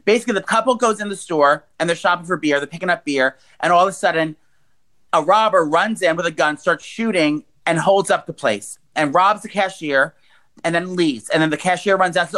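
A man's voice: sits high, fairly quick, fairly bright tone. A man in his forties co-hosting a podcast, telling crude stories in casual, profane, rambling chat. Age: 40s. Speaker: podcast co-host.

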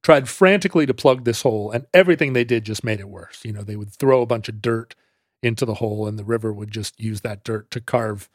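A man's voice: on the low side, a little fast, dry recording, studio quality. A man co-hosting a podcast, telling a history story in a casual, rambling way with many restarts and fillers. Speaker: podcast co-host explaining history. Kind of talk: casual conversational explanation.

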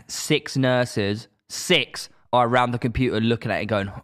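A man's voice: mid-range voice, steady tone, unhurried, a bit bright. A man co-hosting a podcast, telling stories animatedly in casual chat and swearing casually. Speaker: podcast co-host.

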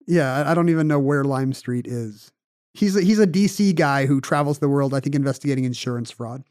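A man co-hosting a podcast, telling a story in casual chat with animated, quick bursts. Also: medium pitch, dry recording, studio quality. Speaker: podcast co-host.

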